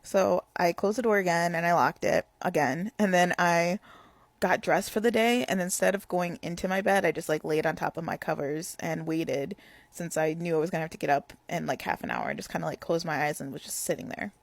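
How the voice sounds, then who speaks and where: A woman's voice: on the low side, brisk, vocal fry, no room sound. A young woman telling a casual storytime, rambling with lots of "like" fillers.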